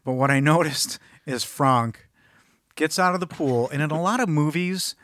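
A man's voice: fairly high pitch, normal speed, fairly bright tone, no echo, studio quality. A man co-hosting a podcast, chatting casually about a film in a rambling, jokey way. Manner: rambling, jokey, self-interrupting. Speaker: podcast co-host.

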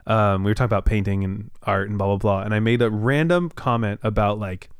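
Young man, podcast host, playful rambling chat, smooth clear voice, dry close sound. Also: on the low side, a little fast, no echo. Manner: playful, rambling, laughs often. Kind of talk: casual chat.

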